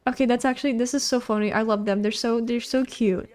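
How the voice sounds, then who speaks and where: A woman's voice: a little high, steady tone, fast, a little mellow. A young woman giving casual, rambling gameplay commentary, gushing and bubbly with lots of fillers. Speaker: gaming YouTuber.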